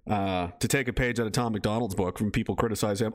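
On a live stream, a man chats casually in a fairly low, fairly even voice, talking fast with few pauses. He rambles, laughs, swears freely, and reads viewer messages aloud.

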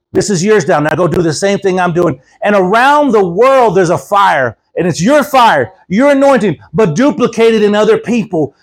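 A man preaching a sermon at a church service, telling stories with animated quoted voices and chuckles. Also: high-pitched. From Houston, Texas. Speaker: guest preacher.

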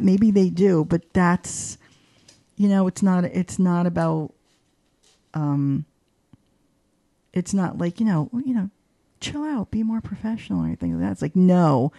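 A woman talking casually in an interview, with a gravelly edge and a mellow, dark tone. She is chatty and animated, full of fillers, and her pitch jumps whenever she acts out what other people said. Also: no echo, clean studio sound. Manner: voices quoted people with big pitch jumps. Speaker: guest, arts journalist.

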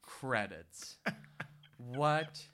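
A man's voice: mid-range voice, animated, very slow, pushed and bright. A man co-hosting a podcast, recapping a bad movie in a profane, exasperated rant full of put-on quotes. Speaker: podcast co-host. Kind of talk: casual movie-recap chat.

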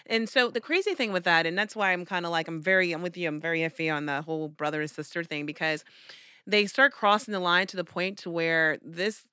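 A woman from the South speaks in a casual co-host chat. Her voice is a little low in pitch for a woman but bright and forceful. She tells stories emphatically, and the close sound is dry. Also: fairly quick, clear, resonant tone, no room sound. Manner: animated storyteller, emphatic and talkative. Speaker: podcast co-host.

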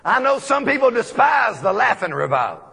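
A middle-aged man preaching a sermon, shouting his points with emphasis and often breaking into laughter. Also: very high voice, big pitch swings, normal speed, creaky, slightly rough. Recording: long reverb of a large hall.

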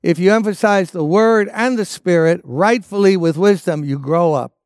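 A man's voice: high-pitched, normal speed, a little mellow, clean tone, no echo, studio quality. A man preaching a sermon as a pastor, emphatic and repeating his key phrases.

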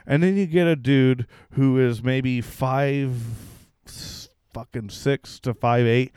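An excitable man telling a profane story in casual banter, saying "dude" often. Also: mid-range voice, takes it slowly, smooth, dry recording, studio quality. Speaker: podcast co-host.

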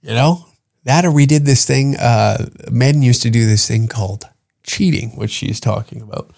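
A man's voice: medium pitch, normal speed, gravelly, darkish tone. A man hosting a podcast, ranting in a profane, mocking, incredulous tone as he reacts to a clip. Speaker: podcast host. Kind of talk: comedic reaction rant.

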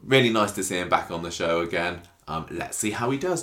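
Podcast co-host: British man, very low voice, rambling chatty delivery. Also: animated, a little fast, a bit bright. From United Kingdom. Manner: chatty, rambling with restarts and jokes. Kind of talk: casual chat.

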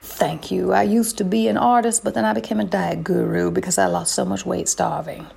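A woman hosting a comedy show, trading deadpan banter and puns. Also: lowish voice, fairly quick, gravelly, slightly rough. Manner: deadpan, punning.

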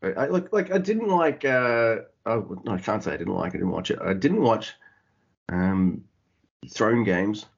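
Aussie guy on a podcast, lowish husky voice, acts out his reactions, kinda muffled audio. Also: moderate pace. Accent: Australian. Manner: animated, acts out his own reactions in quotes. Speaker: podcast co-host. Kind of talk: casual chat.

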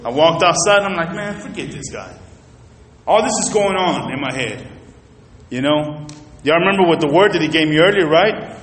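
A man preaching a sermon, telling a personal story in an animated way and talking straight to the congregation. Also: fairly high pitch, fairly quick, slight background noise. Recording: reverberant hall.

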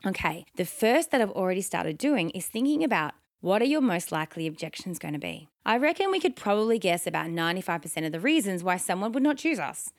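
A woman's voice: on the low side, sing-song, quick pace, few pauses, dry recording, studio quality. A woman hosting a solo instructional podcast, talking in an upbeat coaching tone and ending her points with confident downward inflections. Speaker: podcast host and sales coach.

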